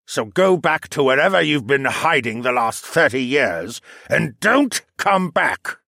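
A man's voice: mid-range voice, sing-song, measured pace, gravelly, bright, forceful tone, dry recording, studio quality, pitched above the performer's own voice, exaggerated voice. A man voicing an older male dragon lord, fat and hateful, with a sneering, snarling delivery.

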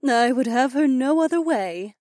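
A soft-spoken young mother with a gentle, weary fondness, voiced by a man reading the book. Her voice sits high and light above his own. The recording is dry and close. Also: animated, normal speed, no room sound. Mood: fond. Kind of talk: audiobook character voice.

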